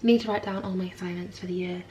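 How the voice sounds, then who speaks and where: A woman's voice: fairly low pitch, fairly even intonation, racing, dark tone, roomy sound, far from the mic, a little hiss or hum. A young mother vlogging in a frank, rambling chat to camera, tired and swearing now and then. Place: home.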